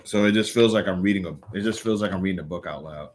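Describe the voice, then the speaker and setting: A man's voice: deep voice, fast. A young man chatting casually on a live stream, rambling with lots of fillers and restarts. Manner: rambling, filler-heavy, self-correcting. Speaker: livestreamer reading comics aloud. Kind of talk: casual live-stream chat and comic read-aloud.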